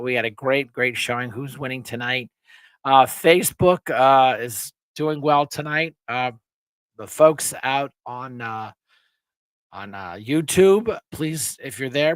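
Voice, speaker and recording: A man's voice: medium pitch, a bit bright, clean tone, dry recording. A man hosting a casual live-stream chat, rambling and laughing with many restarts, his throat a little sore. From Pennsylvania. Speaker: show host.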